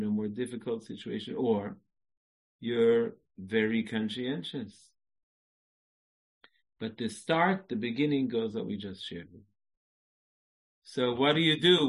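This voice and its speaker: A man's voice: mid-range voice, a little slow, long pauses, slightly rough, poor audio. A man giving a religious lecture, repeating short phrases, laughing and breaking into song. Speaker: Jewish lecturer.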